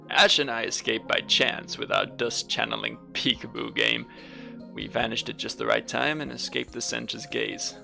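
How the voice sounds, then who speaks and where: A man voicing a calm, wise female friend, reading game dialogue in a reflective, gently persuasive way. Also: fairly low pitch, gravelly, heavily acted. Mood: somber.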